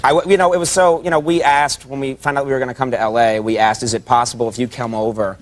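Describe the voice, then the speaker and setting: A man's voice: medium pitch, steady tone, quick pace. A man hosting a talk show, bantering and teasing his guest in a TV studio. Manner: teasing and dry. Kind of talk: joking interview banter. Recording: noisy TV broadcast.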